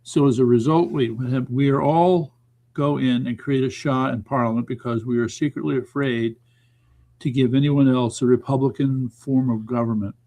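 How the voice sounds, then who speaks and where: A man co-hosts a casual talk stream, reading viewer comments and tossing in dry, wry remarks. His voice is mid-range and plain, at an easy conversational pitch. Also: steady tone, moderate pace, mellow. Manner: dry, wry asides, reads chat. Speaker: co-host.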